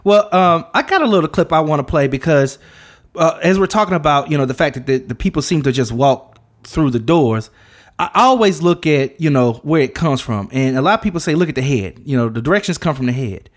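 A man's voice: a little high, expressive, fairly quick. A man co-hosting a podcast in casual, conversational chat, with hesitant restarts. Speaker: podcast co-host.

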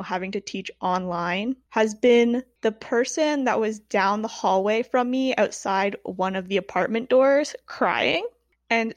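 A woman co-hosting a casual podcast, telling stories in a blunt, animated way. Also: mid-range voice, dry recording. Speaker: podcast co-host.

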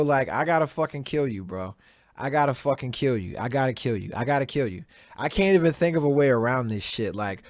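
A man's voice: mid-range voice, lively intonation, brisk, dry recording. A man hosting his own podcast in a casual solo rant, swearing a lot and repeating himself as he works himself up, speaking close to a desk mic. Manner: profane, heated, repeats himself. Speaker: podcast host. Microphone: desk mic, virtual background on video.

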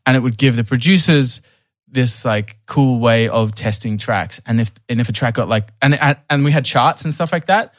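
A man's voice: medium pitch, normal speed, dry recording, studio quality. Rambling young man telling a story. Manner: rambling, many restarts and fillers. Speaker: podcast guest. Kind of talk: casual storytelling conversation.

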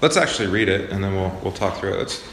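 Low guy teaching bible study, casual with lots of ums, echoey room. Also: fast talker, vocal fry, a little hiss or hum. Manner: relaxed and conversational, with many fillers. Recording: echoey hall with faint ambience.

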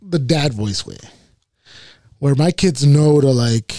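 Rambling man, dark voice. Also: medium pitch, expressive, takes it slowly, dry recording. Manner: rambling, says "like" and "way" a lot, swears. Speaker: podcast co-host. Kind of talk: casual chat.

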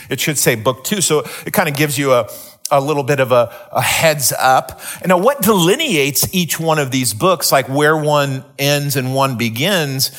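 A man's voice: fairly high pitch, fairly bright tone. A middle-aged man preaching a sermon, telling a story with many restarts before teaching. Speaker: pastor.

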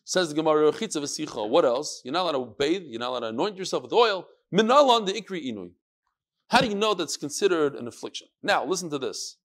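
A Talmud teacher runs a lively class in a classroom or study hall, firing questions at his students and mixing in Yiddish and Hebrew terms. His voice is fairly high for a man, and he talks fast, moving energetically through each point.

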